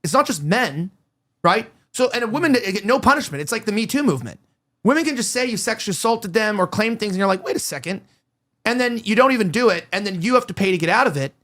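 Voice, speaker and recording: Male host, commentary chat, quick pace, higher voice, heated, rambling. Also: expressive, bright, forceful tone. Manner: rapid, heated, rambling, with many restarts and quoted voices. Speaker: show host.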